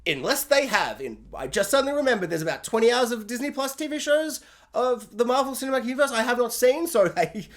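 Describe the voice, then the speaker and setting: A man's voice: very high-pitched, lively intonation, fast. A man giving a casual film ranking monologue, rambling with frequent laughs and restarts, sometimes mock-outraged. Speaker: film reviewer.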